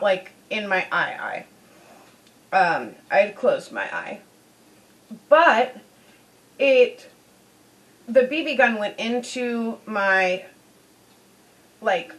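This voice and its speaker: A woman's voice: fairly high pitch, fairly bright tone, rough recording. A woman beauty vlogger telling a personal story in a chatty way, full of "you know"s. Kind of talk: casual storytelling.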